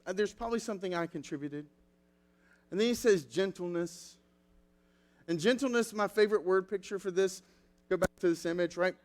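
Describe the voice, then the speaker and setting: A male pastor delivering a sermon with a fairly high voice. He tells lively stories and acts out quotes along the way. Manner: animated storytelling with acted quotes.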